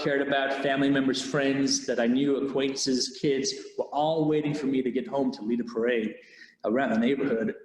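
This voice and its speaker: A man's voice: medium pitch, darkish tone. A police officer telling a personal story in a candid, conversational way, acting out the dialogue as he goes. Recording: roomy hall reverb.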